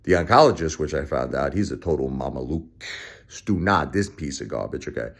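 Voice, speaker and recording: A middle-aged man talking straight to the camera, profane and emphatic, his voice swinging between low muttering and high shouting. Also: expressive, brisk, vocal fry. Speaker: vlogger. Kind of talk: angry personal vlog rant.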